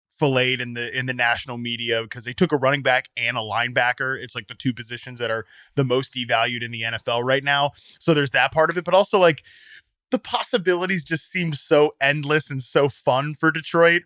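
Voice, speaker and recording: A man co-hosting a sports podcast, talking casually in an animated, joking way. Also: medium pitch, dry recording, clean studio sound. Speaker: podcast co-host.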